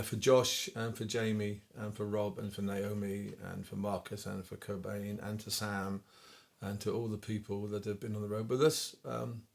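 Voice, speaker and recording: A man's voice: lowish voice, gravelly, a little mellow. A man with a West Country accent, chatting casually between songs at home and reading out dedications for a request show. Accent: English West Country. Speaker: singer-songwriter hosting a request show. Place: at home during lockdown. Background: faint guitar.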